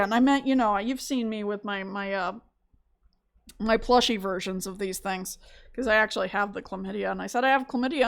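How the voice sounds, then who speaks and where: A woman giving a casual recorded biology lecture from home, chatty and digressive, laughing at her own stories. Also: fairly high pitch. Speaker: biology instructor.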